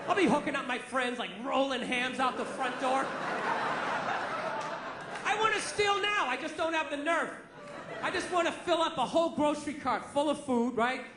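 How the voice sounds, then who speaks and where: A man doing a loud, profane stand-up comedy set on a club stage, ranting and acting out store clerks in quick asides. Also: very high-pitched, expressive. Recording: echoey live club recording with loud crowd noise.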